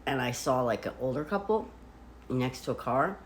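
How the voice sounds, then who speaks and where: A woman vlogger chatting casually from a hotel room, retelling events in an animated way with lots of "like.". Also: rumbling low, normal speed, a little hiss or hum. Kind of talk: casual storytelling.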